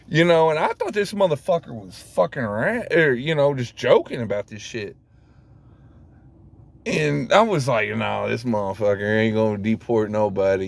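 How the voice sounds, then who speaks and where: A man in a rambling, profane casual rant to camera, full of fillers and sudden high exclamations. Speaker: vlogger.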